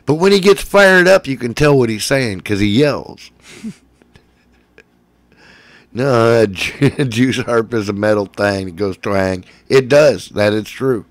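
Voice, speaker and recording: Slow-talking joking man. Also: mid-range voice, no room sound. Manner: laughing, profane, joking. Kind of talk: casual chat.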